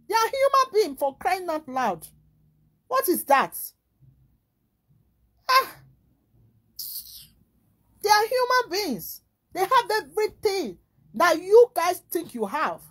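A woman with a Nigerian Pidgin English accent, talking in a rambling, animated casual monologue full of rhetorical questions. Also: very high-pitched.

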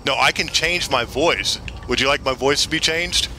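A man's voice: medium pitch, normal speed, background noise. A man streaming a video game, chatting casually with a teammate, joking and swearing as he rambles along into a headset mic. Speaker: streamer playing an online shooter. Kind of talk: casual gaming chat.

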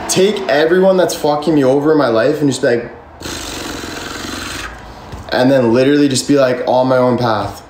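A man's voice: medium pitch, moderate pace, a little mellow, slight background noise. A young man casually chatting on a livestream and answering comments, rambling with constant "like" fillers and frequent swearing. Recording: echoey room with faint ambience.

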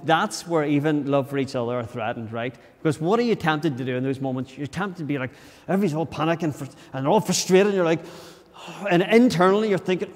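A man's voice: fairly high pitch, darkish tone. A man with a Northern Irish accent preaching a conversational sermon in a church, earnest, often restarting his words. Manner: earnest, restarts words, acts out inner grumbles. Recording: long church reverb.

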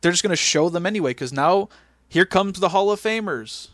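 A man co-hosting a casual podcast, recapping matches in a lively way and acting out quotes. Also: sits high, brisk, dry recording, studio quality. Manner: animated recapping, acts out quotes. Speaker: podcast co-host. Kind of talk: casual chat.

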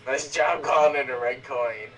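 A man's voice: mid-range voice, normal speed. A man watching a friend play, making laughing, teasing remarks. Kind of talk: casual teasing. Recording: distant from mic, game music under voice.

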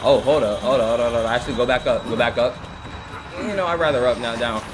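A man commentating his own horror game playthrough, excitable, joking and yelling for help as he plays. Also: medium pitch, fast, noisy background. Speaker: gaming channel host. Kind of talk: let's play commentary.

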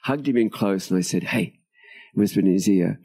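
An older Australian man with a deep, husky voice tells stories at a moderate pace as an author and interview guest. He's animated, acting out quoted dialogue and laughing often, speaking outdoors at a tropical home near a beach.

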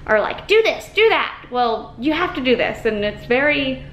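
Young woman, casual vlog chat, slightly high voice, roomy echo, faint ambience. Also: very animated, normal speed, fairly bright tone, dull audio, a little hiss or hum. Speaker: vlogger.

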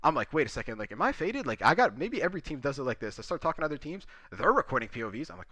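Fast, animated man ranting on stream. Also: on the high side, dry recording. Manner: animated, profane, exasperated storytelling. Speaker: streamer and pro esports player. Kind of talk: casual stream rant.

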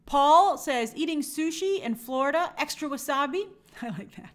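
A woman's voice: sits high, animated, normal speed. A young woman hosting a movie live stream, chatting upbeat and reading out viewer comments.

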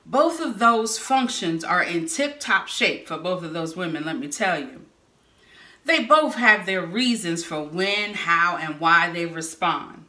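A woman preaching a sermon, telling stories with lively bursts of shouting. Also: lowish voice, measured pace. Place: church sanctuary or hall. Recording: echoey room.

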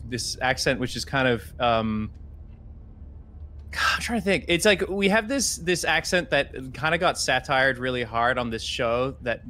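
Man, faint Australian accent, casual hesitant gaming chat, bright tone, music behind. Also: medium pitch. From Australia (Perth). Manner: relaxed, hesitant, many fillers. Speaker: streamer.

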